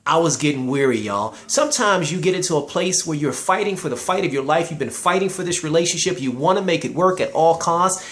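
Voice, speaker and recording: A man's voice: on the high side, expressive, a little fast, few pauses, fairly bright tone. A man giving an inspirational, sermon-style talk, emphatic and preacherly, addressing listeners directly and quoting scripture. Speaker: motivational speaker.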